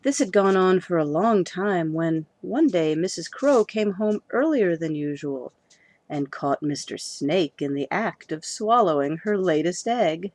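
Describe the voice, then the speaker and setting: A woman reading a children's storybook aloud, lively and expressive. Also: on the low side, unhurried, dry recording.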